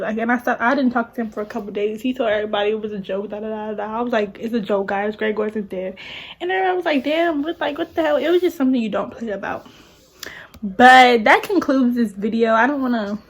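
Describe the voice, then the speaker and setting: A woman's voice: fairly high pitch, breathy edge. A young woman vlogger telling a casual storytime, emotional and rambling, repeating herself as she talks.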